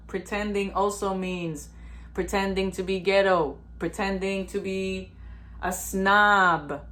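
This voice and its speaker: A woman's voice: on the low side, a bit bright. A woman vlogger giving a blunt, profane, emphatic self-help monologue.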